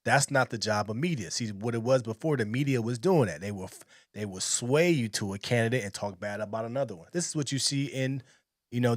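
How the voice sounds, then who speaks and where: A man's voice: mid-range voice, no room sound, studio quality. A man giving blunt, emphatic commentary in reaction to a video clip. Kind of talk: casual opinion commentary.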